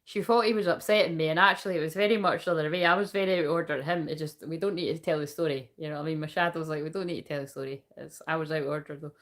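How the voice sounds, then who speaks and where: Woman tarot reader, loose rambling delivery, frequent swearing, slightly low pitch. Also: fairly even intonation, racing, few pauses. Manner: rambling, swears freely, laughs often. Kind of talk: casual live tarot reading.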